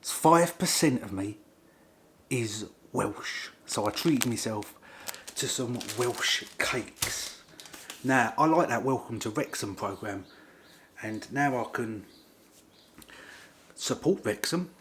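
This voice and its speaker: A man's voice: mid-range voice, expressive, slow, pauses often, noisy background. A man vlogging casually to camera, playful and fond of repeating his punchlines for effect. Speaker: vlogger sharing DNA results.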